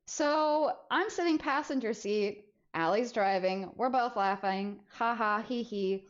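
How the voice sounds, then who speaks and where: A young woman with a slightly high voice tells a story casually on a stream, animated and quick to laugh. The audio is a bit dull and lo-fi, like a home streaming setup. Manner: animated, laughs through the story, frequent restarts.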